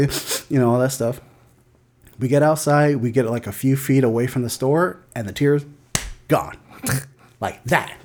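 Man, thirties, podcast co-host, casual swearing storyteller, middle pitch. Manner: loose storytelling with frequent swearing and fillers. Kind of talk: casual chat and anecdote.

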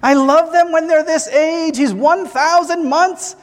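A man's voice: very high voice, measured pace, long reverb tail, pitched above the performer's own voice. A pastor doing a mocking comic impression of a whiny man gushing over a newborn, in a nasal, exaggerated voice.

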